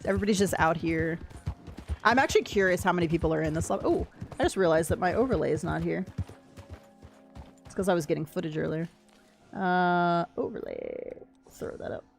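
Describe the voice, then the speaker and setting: A woman's voice: on the low side, brisk, vocal fry, long pauses, faint music behind. Chatty American woman streaming a game. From United States. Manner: chatty, reacts to chat and gameplay as she plays. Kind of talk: casual livestream chat.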